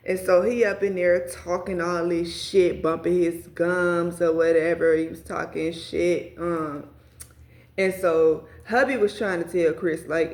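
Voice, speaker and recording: A woman's voice: lowish voice, measured pace. Roomy, profane woman telling a storytime. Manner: profane, animated, talks straight to viewers. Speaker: storyteller vlogger. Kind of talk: casual storytime vlog. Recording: roomy echo.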